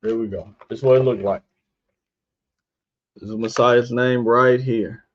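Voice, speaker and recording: A man hosting a podcast gives an informal scripture lesson while sharing his screen, spelling out letters one at a time and repeatedly posing rhetorical questions to listeners. His medium-pitched voice is fairly even in intonation and a little slow, carried on dull, lo-fi stream audio.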